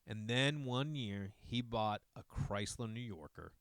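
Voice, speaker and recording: Man, casual storyteller, animated and profane, smooth voice, dry sound. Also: fairly low pitch, a little slow, no room sound. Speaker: comedian telling a story.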